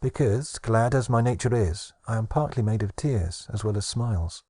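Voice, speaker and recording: Fairy spirit, small and sunny, coaxing and playful; a male narrator puts her on with a soft husky tone. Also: fairly low pitch, normal speed, no echo, studio quality, lightly acted. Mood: reassuring. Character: sweet cheerful female fairy Hope. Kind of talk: audiobook narration.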